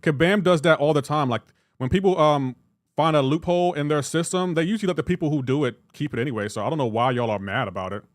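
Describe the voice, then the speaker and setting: Animated young male game streamer. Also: fairly high pitch, fast talker, no echo. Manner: animated, joking with chat. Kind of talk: live game stream chat.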